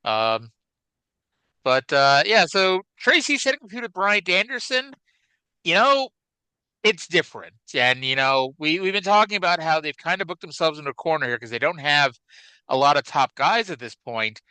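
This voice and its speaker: A man's voice: a little high, big pitch swings, moderate pace, bright, forceful tone, clean tone, no echo, poor audio. A man co-hosting a wrestling podcast in a casual, rambling chat. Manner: chatty, rambling, with fillers. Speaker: podcast co-host.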